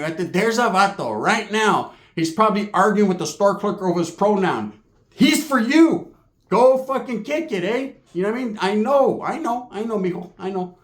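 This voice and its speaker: A streetwise man, talking straight to his viewers and swearing freely. His voice sits a touch high for a man, with Spanish words dropped in here and there. The room around him echoes noticeably. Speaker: YouTube vlogger. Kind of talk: casual talk to camera.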